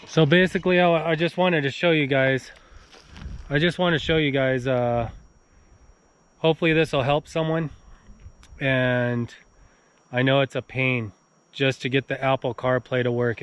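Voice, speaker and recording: A man's voice: medium pitch, clean tone, muffled recording. A man casually walking viewers through a car stereo setup, talking to them directly in an informal way. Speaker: car stereo how-to vlogger. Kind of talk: casual how-to walkthrough. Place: outdoors near his car, then inside it.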